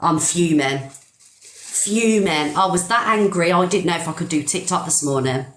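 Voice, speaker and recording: A woman's voice: on the low side, fast, a bit bright, reverberant. A middle-aged British woman hosting a live stream, ranting angrily and emphatically with plenty of swearing. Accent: British English. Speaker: TikTok live host.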